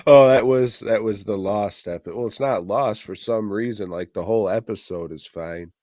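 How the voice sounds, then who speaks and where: A man's voice: fairly low pitch, normal speed, a little mellow, no echo, clean studio sound. A man co-hosting a podcast, chatting casually and swearing in exasperation. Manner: profane, exasperated. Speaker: podcast co-host.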